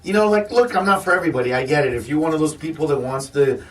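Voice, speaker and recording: A man, a comedian guesting on a radio morning show, ranting in an animated way with stammering restarts. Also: fairly high pitch, very fast, distant mic. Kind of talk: casual radio chat. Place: radio studio.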